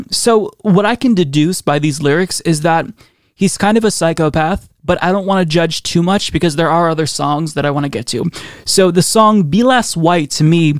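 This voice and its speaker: A man's voice: fairly high pitch, no room sound. A man hosting a podcast, reading out song lyrics with sarcastic, dry, mocking asides. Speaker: podcast host.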